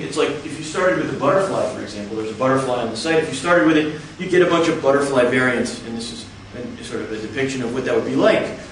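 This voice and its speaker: A man explains a topic to an audience in a measured, step-by-step lecture. His voice rings through a large hall with heavy echo. He sounds a little distant from the microphone, with faint background noise. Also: mid-range voice. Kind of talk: explanatory talk. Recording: echoey hall, from far off.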